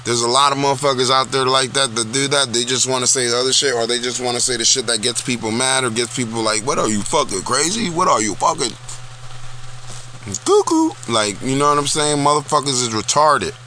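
A man on a loose, foul-mouthed rant, hammering each point home again and again. His voice is bright and forceful, pushed hard at the front. He is talking straight to his own audience. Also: medium pitch, fairly even intonation, quick pace, few pauses, slight background noise. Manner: blunt, profane, repetitive ranting. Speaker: vlog host. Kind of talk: casual profane rant. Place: small town.

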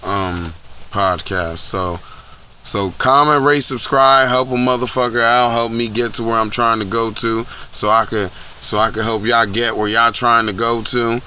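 A young man giving blunt, profane commentary on his own low-budget podcast, repeating himself as he rants. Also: steady tone, a little slow, bright, forceful tone, a little hiss or hum. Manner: blunt, profane, repetitive ranting. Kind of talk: casual commentary. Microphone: low-end home recording setup.

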